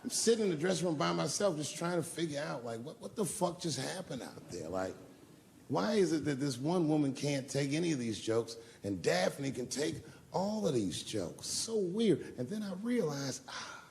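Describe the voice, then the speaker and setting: A man on a live comedy stage, his voice gravelly with a bit of fry. He tells long profane stories in a loose, conversational way and answers the crowd's questions. A faint hiss sits under the recording. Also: fairly high pitch, very animated, moderate pace, a little mellow. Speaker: stand-up comedian taking audience questions. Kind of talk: stand-up storytelling and Q&A.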